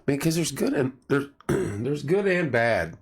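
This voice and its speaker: A man's voice: medium pitch, sing-song, measured pace, husky. A middle-aged man losing his voice, hosting a casual live chat and greeting viewers by name as he rambles. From central Indiana. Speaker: live stream host.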